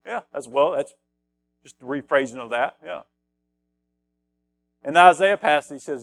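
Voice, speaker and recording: A middle-aged man gives a conversational sermon. He reads scripture aloud and repeats key phrases for emphasis. His voice sits at an ordinary pitch for a man, recorded dry with almost no room sound. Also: lively intonation, moderate pace, vocal fry, long pauses, a bit bright, dry recording. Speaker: pastor.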